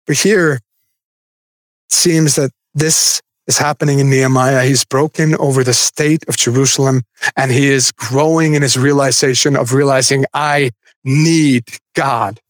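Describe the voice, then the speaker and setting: A man's voice: mid-range voice, fairly even intonation, normal speed, dry recording, studio quality. A man in his thirties preaching a conversational sermon as a pastor, with chatty asides and light laughter.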